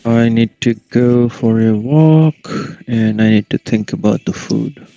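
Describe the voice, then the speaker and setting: Laid back guy chatting on a podcast, middle pitch, kinda dull lo-fi recording. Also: measured pace, warm tone, no echo. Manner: laid-back, laughs often. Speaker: podcast co-host. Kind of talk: casual chat. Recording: dull lo-fi sound.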